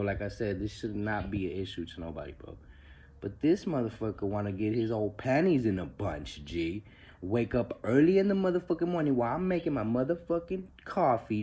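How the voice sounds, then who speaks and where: Low, mellow man telling a story. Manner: slangy and profane, peppers lines with "G" and "bro"; mixes in Spanish words. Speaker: storyteller recounting prison life. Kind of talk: casual storytelling.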